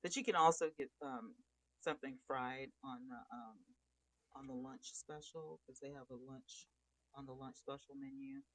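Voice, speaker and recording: A woman's voice: very deep voice, moderate pace, no room sound, rough recording. A middle-aged woman hosting a casual livestream, chatting and greeting viewers by name. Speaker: livestream host.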